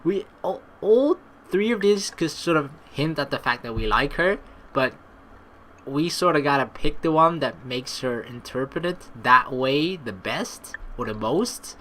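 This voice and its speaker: A man's voice: mid-range voice, expressive, moderate pace, fairly bright tone, a little hiss or hum. Chatty young man thinking aloud. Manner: rambling, self-deprecating, reads chat lines aloud. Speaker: let's play host. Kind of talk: casual game commentary.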